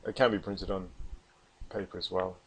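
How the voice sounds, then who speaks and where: A low-voiced man talks through a software tutorial in a loose, rambling way, full of ums and false starts. He sounds a little short of breath as he explains, in a casual screen-recording manner. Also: fairly even intonation, normal speed, breathy edge. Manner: rambling, with many ums and restarts. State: slightly out of breath. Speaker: artist giving a software tutorial.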